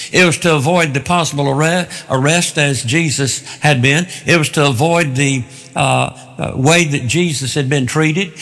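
Higher-pitched man preaching deliberately. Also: a bit bright. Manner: deliberate, repeats phrases for emphasis. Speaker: pastor. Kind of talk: expository sermon.

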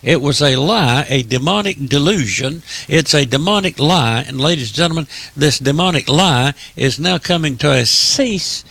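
A man's voice: a little high, animated, normal speed, gravelly, few pauses, fairly bright tone, slightly rough. A man delivering preaching political commentary, emphatic and repetitive, addressing his listeners as in a sermon.

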